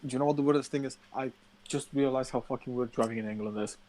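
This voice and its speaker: A man co-hosting a casual podcast, telling an animated, swear-filled rant. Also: medium pitch, fast. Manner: profane animated ranting storyteller. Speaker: podcast co-host.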